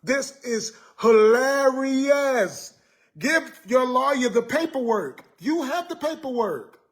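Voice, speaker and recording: A man's voice: very high voice, animated, slow. A man ranting to his viewers on a live stream, exasperated and joking, repeating himself and tacking on "man". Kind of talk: casual live stream rant.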